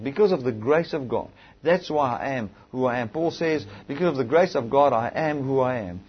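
A man preaching a sermon, moving between emphatic, raised exhortation and quieter scripture reading. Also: mid-range voice, breathy edge. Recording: dull, lo-fi recording.

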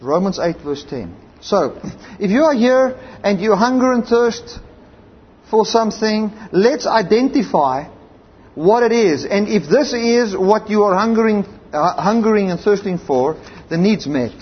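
High-voiced South African preacher man. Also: expressive, unhurried, breathy edge. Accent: South African English. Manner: emphatic preaching, storytelling, says amen and hallelujah. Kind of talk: sermon. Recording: slightly dull lo-fi recording with faint background noise.

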